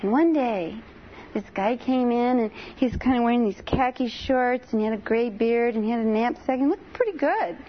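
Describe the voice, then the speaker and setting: High-voiced woman telling a story. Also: moderate pace, dull audio, a little hiss or hum. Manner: lively retelling, many "she said" tags. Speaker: intuitive reader telling a client story. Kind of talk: anecdotal storytelling.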